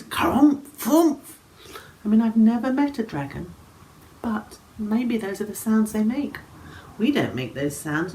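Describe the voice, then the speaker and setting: A woman presenting a story and song for young children, playful and animated, often dropping to a whisper. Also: mid-range voice, slight background noise, low-quality recording. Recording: faint instrumental music behind.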